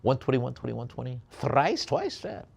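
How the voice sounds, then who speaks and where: A male auctioneer runs a live sale, rattling off bid calls in a brisk rhythmic chant. Between calls he drifts into easygoing, self-amused asides about the items, his voice sitting at an ordinary middle pitch. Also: big pitch swings, creaky, a little mellow, husky. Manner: rapid bid calls mixed with chatty asides and quips.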